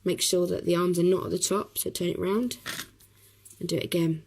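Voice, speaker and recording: Croaky-voiced woman teaching a craft. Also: lowish voice, fairly even intonation, brisk, a little mellow, poor audio. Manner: chatty, talks while working, many ums. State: hoarse from a cough. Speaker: craft tutorial host. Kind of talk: casual craft tutorial.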